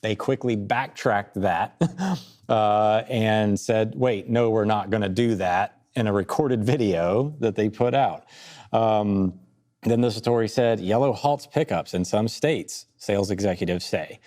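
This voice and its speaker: A man co-hosting a podcast, talking through market charts in a casual, quick, joking way. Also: on the low side. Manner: quick, joking, lively, laughs between points. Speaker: podcast co-host. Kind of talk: casual market analysis chat.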